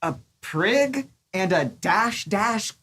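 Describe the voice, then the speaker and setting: A woman reading a proud, sharp-tongued socialite. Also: medium pitch, lively intonation, background noise. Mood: wry. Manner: slow, reads punctuation marks aloud. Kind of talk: script table read.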